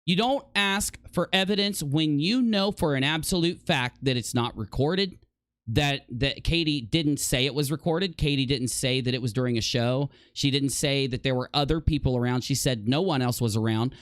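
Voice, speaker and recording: A man's voice: medium pitch, a bit bright, no room sound. A man hosting a commentary channel, arguing indignantly and sarcastically against clips he plays. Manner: indignant, sarcastic, rapid-fire questions. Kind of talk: heated commentary over played clips.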